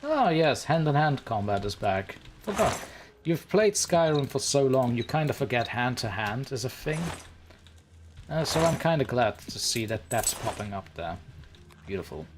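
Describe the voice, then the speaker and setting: A man's voice: mid-range voice, big pitch swings, moderate pace, noisy background. A man streaming a game live, chatting playfully and theatrically with his viewers and the characters on screen. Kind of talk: live let's-play commentary.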